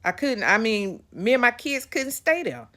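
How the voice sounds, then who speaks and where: A woman hosting a podcast, telling a personal story to her listeners in an animated way, repeating phrases for emphasis. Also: fairly high pitch, moderate pace. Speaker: podcast host.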